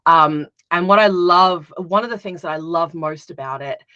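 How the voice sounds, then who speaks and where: A talkative woman guest with a low-leaning but strikingly bright, forceful voice. She chats with lots of "um"s and "like"s and laughs easily. The recording is dry and a bit dull. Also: moderate pace, dry recording. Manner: warm-hearted, chatty, laughs often, uses fillers like "um" and "like". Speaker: guest, witch and tarot reader. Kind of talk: casual interview chat.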